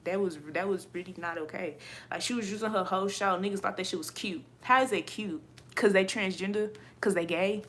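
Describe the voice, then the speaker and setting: A woman's voice: mid-range voice, brisk, a little hiss or hum. Blunt, profane woman ranting to camera. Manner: blunt, profane, animated, laughs often. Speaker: vlogger. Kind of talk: casual rant to viewers.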